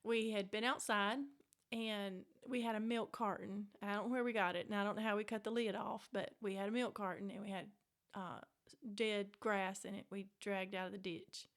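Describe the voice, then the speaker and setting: A middle-aged woman with a Mississippi Southern accent, an author telling family stories in a casual interview, animated and quick to act out voices. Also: mid-range voice. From Mississippi Delta. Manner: animated, acts out quoted voices, laughs often. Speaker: author, guest.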